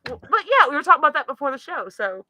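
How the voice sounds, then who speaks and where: Giggly woman with a bright voice. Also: high voice, sing-song, very fast. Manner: giggly, laughs often; rambling with many fillers. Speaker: podcast co-host. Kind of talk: casual chat.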